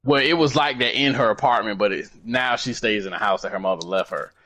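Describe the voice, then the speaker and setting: A man co-hosting a podcast, telling a story in a casual, swearing, animated way. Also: on the low side, a little fast. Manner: animated, swears freely, acts out quoted dialogue. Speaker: podcast co-host.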